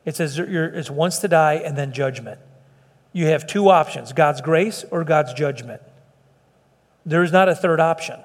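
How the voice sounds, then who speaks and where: A man's voice: on the high side, measured pace. A middle-aged man preaching a sermon as pastor, earnest and pleading, stumbling over restarts and fillers. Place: church sanctuary. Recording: long echo of a large hall.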